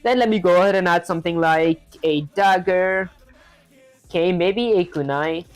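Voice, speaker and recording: A woman's voice: lowish voice, normal speed, faint music behind, rough recording. A woman streaming herself coding, talking through each step and chatting with viewers in a loose, filler-heavy way.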